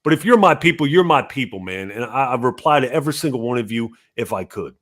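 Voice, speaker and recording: Hosting a casual gaming podcast, a man reads out viewer donations, talking fast and animatedly as he jumps from loud bursts to low mutters.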